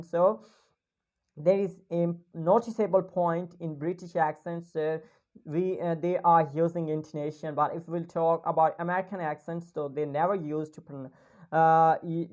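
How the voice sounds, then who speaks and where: A woman's voice: low voice, darkish tone. Woman from Pakistan teaching accents. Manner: explanatory, repeating example words slowly. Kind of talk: online lesson.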